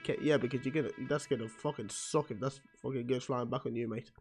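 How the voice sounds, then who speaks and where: A man's voice: medium pitch, fairly even intonation, quick pace, few pauses, faint music behind. Wisecracking man reading comics aloud. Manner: swearing, wisecracking asides. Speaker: comic book reader. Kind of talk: casual comic reading with commentary.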